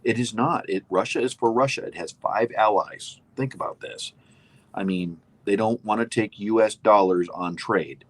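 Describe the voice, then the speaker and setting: A man's voice: on the low side, normal speed, few pauses. A man co-hosting a casual political chat show, emphatic and opinionated, rambling with restarts. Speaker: co-host.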